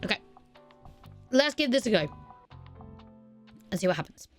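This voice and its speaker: A woman casually chatting through a cozy video game, gushing excitedly over a pet dog. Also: medium pitch, moderate pace, faint music behind. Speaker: gaming YouTuber. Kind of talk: casual let's-play commentary.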